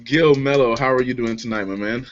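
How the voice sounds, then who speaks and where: A man's voice: medium pitch, a little fast. A man hosting a casual online beer chat show, joking and laughing as he introduces guests. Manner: lively, laughs often, loose and joking. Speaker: podcast host. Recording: lo-fi online call audio.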